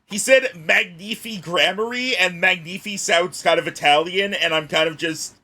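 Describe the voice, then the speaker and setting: A young man chatting casually and voicing characters during a let's play, giggling often, animated, and swearing freely. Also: high-pitched, normal speed. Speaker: co-host voicing game characters.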